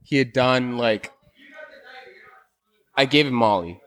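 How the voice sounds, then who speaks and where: A man's voice: medium pitch, slow pace, fairly bright tone. A young man who is a podcast guest, telling a rambling anecdote in a casual chat. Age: young adult.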